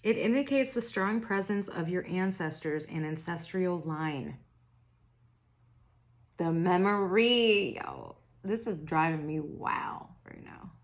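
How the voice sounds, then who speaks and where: Woman, young adult, casual spiritual reading, slow, rambling, raspy tired throat. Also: on the low side. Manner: rambling, self-interrupting, laughs at herself. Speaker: tarot reader.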